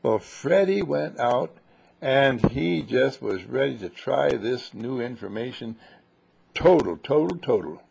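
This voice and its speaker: Gravelly man telling a bedtime story. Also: mid-range voice, unhurried, crowd noise. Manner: gentle, animated, with restarts.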